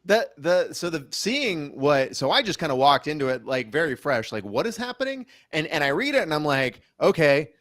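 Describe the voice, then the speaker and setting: A man's voice: fairly high pitch, sing-song, normal speed, hardly any pauses, a bit bright, dry recording, studio quality. A man as a guest on a talk show, answering casually and hesitantly. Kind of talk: casual conversation.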